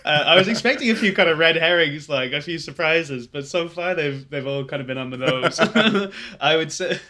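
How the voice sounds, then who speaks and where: A man's voice: fairly high pitch, lively intonation, moderate pace, pushed and bright. A man on a casual podcast, talking enthusiastically and rambling with many fillers. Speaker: podcast co-host and quiz contestant.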